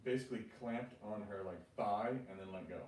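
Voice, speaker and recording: A man's voice: on the low side, a little fast, a little mellow, roomy sound, recorded from a distance, slight background noise. A man from Cape Cod co-hosting a podcast, trading wry, playful banter in casual chat. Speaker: podcast co-host.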